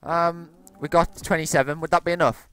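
A man chatting casually while playing a game, relaxed and quick to laugh. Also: fairly high pitch, clean tone. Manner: relaxed, laughs easily, calls friend dude. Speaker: gamer co-host. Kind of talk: casual gameplay chat.

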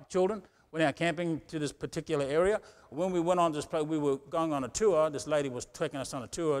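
Middle-aged man, pastor, informal sermon delivery, a touch high-pitched, frequent call-and-response asides. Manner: conversational preaching with frequent "Amen?" asides.

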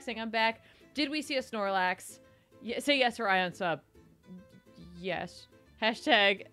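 Giggly high-voiced woman streamer. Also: a bit bright. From New Jersey. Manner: giggly, chatty, thanks viewers and reads out tutorial text. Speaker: game streamer. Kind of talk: casual live-stream gaming chat.

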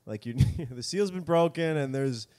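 A man's voice: medium pitch, measured pace, a little mellow. A young man co-hosting a comedy podcast, riffing casually and often laughing mid-sentence. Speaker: podcast co-host.

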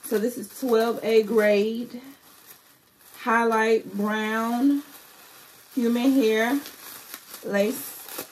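A woman's voice: fairly high pitch, steady tone, extremely slow, pauses often, slight background noise. A woman hosting a casual wig review vlog, chatty and playful, talking straight to her viewers. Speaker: beauty vlogger.

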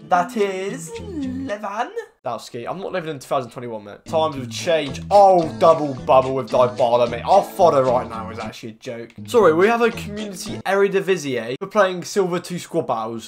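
A young man giving excitable, slangy commentary as he plays a game, with faint music behind. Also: fairly high pitch. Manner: excitable, slangy, quick to exclaim. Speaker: gaming YouTuber. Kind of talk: casual commentary over gameplay.

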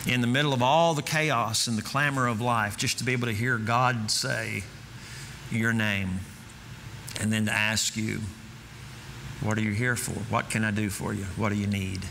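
A man preaching in a church with a bright, forceful tone that rings out through a long hall reverb. He speaks earnestly and repeats key phrases as he builds to fervent emphasis. A faint room hum sits behind him. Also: lowish voice, steady tone, normal speed, vocal fry. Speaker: pastor. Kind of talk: sermon. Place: church sanctuary.

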